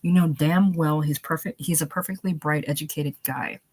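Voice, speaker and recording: A woman's voice: low voice, steady tone, normal speed, a little mellow, breathy edge, no room sound. A woman voicing a self-righteous, contemptuous man in a storybook reading, bitter and cutting. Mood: disgusted. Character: indignant middle-aged man, scornful and self-righteous.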